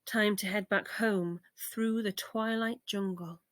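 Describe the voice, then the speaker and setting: A woman reading a children's bedtime story aloud in a gentle, expressive way. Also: mid-range voice, takes it slowly, no echo.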